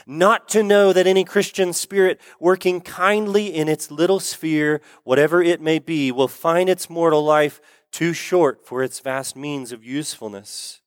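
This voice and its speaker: Brief: solemn, remorseful male ghost in chains, declaiming ornate old speech, smooth dry voice, as a preacher reads it. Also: a little high, fairly even intonation, unhurried, few pauses, no echo, natural voice. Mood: lamenting.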